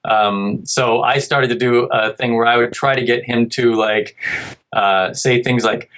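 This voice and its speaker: A man's voice: mid-range voice, steady tone, measured pace, a bit bright, low-quality recording. A man in his thirties, a podcast guest, talking in a rambling, self-interrupting way and now and then mimicking a child's speech. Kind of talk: casual podcast chat.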